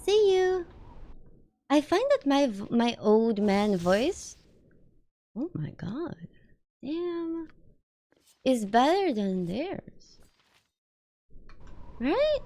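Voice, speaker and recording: A woman streaming a video game, chatting casually and excitably, swearing and panicking at mishaps. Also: fairly high pitch. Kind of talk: casual live-stream commentary.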